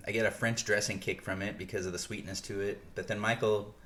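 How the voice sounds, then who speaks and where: A man talks casually on a podcast, walking through details at length. His voice sits fairly low. A faint hiss runs under the recording. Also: little pitch movement, fairly quick, a bit bright. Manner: chatty, detailed explaining. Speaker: podcast co-host. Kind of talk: casual chat. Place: North Carolina.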